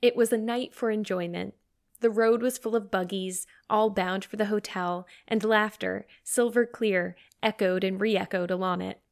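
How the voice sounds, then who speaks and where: Her voice mid-range, a female audiobook narrator reads from a classic novel, keeping her scripted delivery steady and evenly paced.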